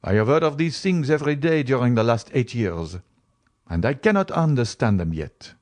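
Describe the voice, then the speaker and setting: A man voicing a fastidious young male aristocrat who speaks in a cutting, superior way, in an audiobook reading. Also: mid-range voice, sing-song, a little mellow, pitched above the performer's own voice, lightly acted. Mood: disdainful. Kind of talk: audiobook character voice.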